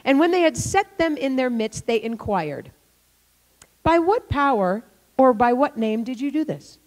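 An older woman preaching in a church, telling a lively story and acting out the people in it. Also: high voice, measured pace. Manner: animated, acts out the people in her stories. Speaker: guest preacher. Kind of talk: storytelling sermon.

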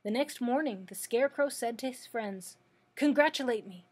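A woman librarian reading a children's classic aloud in a calm, measured way. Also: on the high side, breathy edge. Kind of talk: read-aloud narration.

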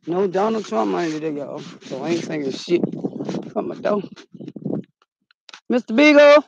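A woman's voice: on the low side, moderate pace, creaky, muffled recording, a little hiss or hum. A woman hosting a comedic outdoor vlog in the cold, fretting aloud and calling out for her missing dog. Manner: excitable, frets aloud, calls out a dog's name. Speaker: channel host.

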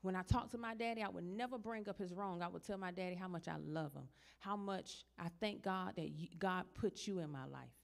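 Speaking a little fast with hardly any pauses, this middle-aged female minister preaches to her church congregation. She starts in a plain, direct way and builds toward loud, high-pitched, emphatic stretches, with vocal fry throughout.

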